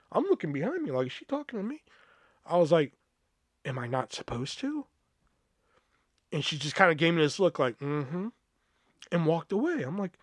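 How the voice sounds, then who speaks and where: A man in his thirties telling work stories on a podcast, animated and full of swearing, acting out what people said. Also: on the high side, no room sound, studio quality. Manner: animated, swears a lot, acts out quotes. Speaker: podcast host. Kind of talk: casual storytelling.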